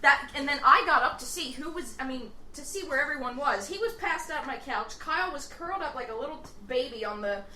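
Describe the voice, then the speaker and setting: High-voiced woman telling a funny story, kinda far from the mic, echoey with chatter behind. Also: expressive, a little fast, few pauses, sharp tone. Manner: laughing anecdote teller. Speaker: podcast co-host. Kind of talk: casual chat. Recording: echoey room, off mic, crowd noise.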